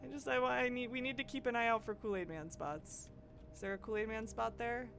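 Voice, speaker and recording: A woman's voice: on the high side, steady tone, brisk, gravelly, noisy background. A woman from the American Midwest doing live gameplay commentary as a streamer, musing aloud, giggling and chatting with viewers.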